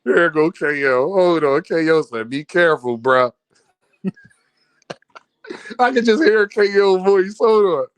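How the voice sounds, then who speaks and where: A man hosting a casual livestream, reading out donations and talking straight to his chat, animated and laughing often. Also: high voice, unhurried, long pauses, smooth, dry recording. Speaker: livestream host.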